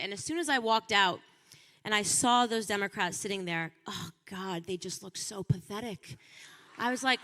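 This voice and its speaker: A woman giving an impassioned public speech at a political event, building to shouted peaks. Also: mid-range voice, animated, a little fast, long reverb tail.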